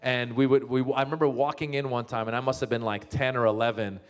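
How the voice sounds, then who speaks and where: A man's voice: mid-range voice, fast, clean tone. A man who grew up in Northern California and speaks, telling comic stories about his family and laughing often. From born in Iran, grew up in Northern California. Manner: animated, laughing, acts out family members' voices. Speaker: comedian and author, guest speaker. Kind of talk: comic storytelling talk.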